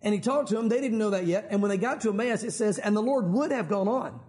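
A man's voice: sits high, fast, darkish tone. A man preaching a sermon in a conversational way, firing rhetorical questions at his listeners. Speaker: pastor.

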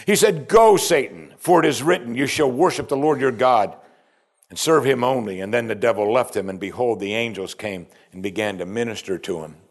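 A man with a brisk, mid-range voice preaches a sermon, reading scripture aloud and posing pointed questions. He often drops to a hushed voice on key points.

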